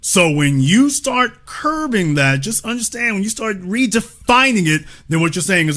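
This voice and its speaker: A man's voice: sits high, sing-song, moderate pace, few pauses, sharp tone. A man from the United States talking passionately to an audience, emphatic and preacher-like, repeating lines for effect and firing off rhetorical questions. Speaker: commentator in a cultural discussion. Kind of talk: impassioned talk to an audience.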